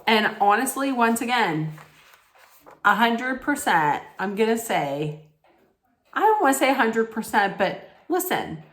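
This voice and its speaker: A woman's voice: fairly high pitch, sing-song, a little slow, a bit bright. A woman ranting in a casual recap vlog, blunt, scolding and full of profanity. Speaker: reality TV recap vlogger. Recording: echoey room.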